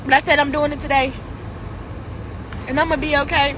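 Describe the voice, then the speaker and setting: A woman's voice: high voice, level tone, a little fast, noisy background. A woman, a single mother, venting candidly and wearily to the camera, rambling a little as she talks it through. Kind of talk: emotional vent to camera.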